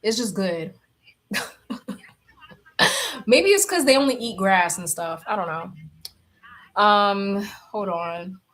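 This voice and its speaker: A woman's voice: medium pitch, lively intonation, slow pace, long pauses, a bit bright. A young woman chatting casually on a livestream, reading comments aloud, blunt and laughing often. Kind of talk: casual chat.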